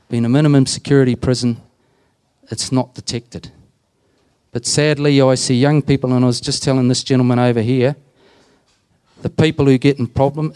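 Speaking smoothly in a warm, medium-pitched voice, this prison chaplain with an Australian accent addresses a group. He shares straightforward stories and recounts past conversations.

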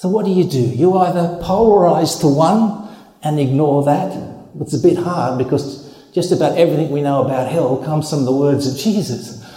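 A man's voice: on the high side, normal speed, warm tone. A man preaching a sermon in an emphatic, conversational way, with laughs and acted asides. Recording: echoey hall.

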